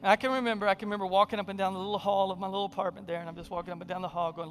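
A man preaching a sermon in a conversational, humorous storytelling way, sometimes dropping to a hushed, intimate delivery. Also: high-pitched, fast talker, faint music behind. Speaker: pastor.

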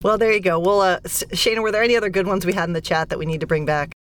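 A woman co-hosting a casual hockey podcast, playful and quick to laugh as she leads the segments. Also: lowish voice, slight background noise. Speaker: podcast co-host.

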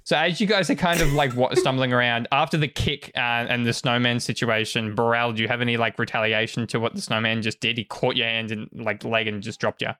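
Bright-voiced man running a tabletop game. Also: medium pitch, steady tone, fairly quick, hardly any pauses. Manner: laid-back, laughs often, with casual fillers. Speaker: game master.

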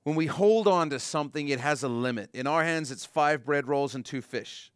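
A man preaching a sermon in a conversational way, acting out little voices and slowing down to stress key lines. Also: on the high side, clean tone, no room sound, studio quality. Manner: conversational preaching, acts out voices, slows for emphasis. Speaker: pastor.

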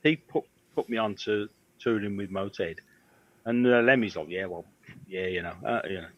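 A man, a guitar tech guest, telling rambling road stories in casual chat and dropping into quick impressions. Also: on the low side, highs cut off.

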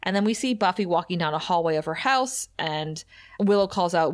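Her voice is lowish, expressive, and fairly quick as she co-hosts a podcast. She giggles and laughs often while casually running through a TV episode.

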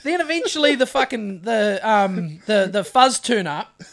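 A New man tells a story in a high-pitched voice, swearing constantly as he acts out his side of a confrontation. He is a podcast co-host still recovering from covid, and his delivery is loud and lively. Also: measured pace, vocal fry. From New Zealand. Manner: profane, animated storyteller acting out his own lines. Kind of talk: casual storytelling chat.

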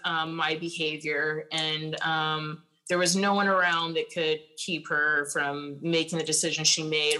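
A young woman recounting her past on a podcast, blunt and unfiltered, swearing often and leaning on filler words. Her voice sits somewhat low but carries a bright, forceful edge. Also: low-quality recording. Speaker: podcast guest. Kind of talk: candid personal storytelling.

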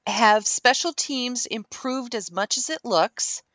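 A woman with a British accent hosting a casual sports podcast, briskly putting questions to the panel. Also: a little high, expressive, a bit bright, dry recording. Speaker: podcast host.

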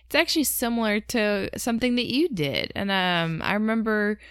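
An American woman co-hosting a podcast, talkative and quick to laugh, with lots of "like". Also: medium pitch, fairly bright tone, clean tone, no echo, clean studio sound. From United States. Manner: talkative, uses 'like' a lot, laughs easily. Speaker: podcast co-host. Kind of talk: casual chat.

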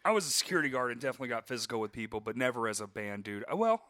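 A man's voice: medium pitch, very animated, rapid-fire, pushed and bright, no room sound. A man in a casual chat, laid-back and profane, often laughing along. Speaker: musician and former security guard.

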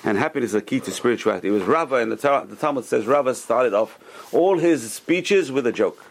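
A man giving a Torah class, animated and repeating phrases for emphasis. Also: mid-range voice, quick pace, gravelly, a little hiss or hum. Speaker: rabbi teaching a class.

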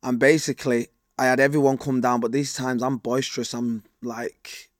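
A man's voice: mid-range voice, flat delivery, normal speed, no echo, studio quality. A man, a guest telling his life story in an interview in a streetwise, vivid way, mimicking gunshots and car sounds as he goes. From Manchester, England.

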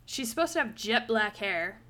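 A young woman hosting a casual book review podcast, animated and quick to laugh, with lots of "like" fillers. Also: mid-range voice. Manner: animated, laughs often, says "like" a lot. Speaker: podcast host.

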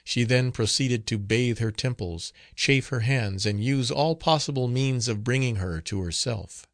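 A man narrating a gothic novel as an audiobook, reading in a measured, solemn manner. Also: mid-range voice, dry recording, clean studio sound.

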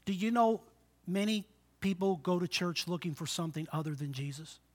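A man in his sixties preaching a sermon, swinging between loud exhortation and quiet, low asides, and calling for amens from the congregation. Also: normal speed. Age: 60s. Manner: call-and-response with the congregation. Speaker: pastor.

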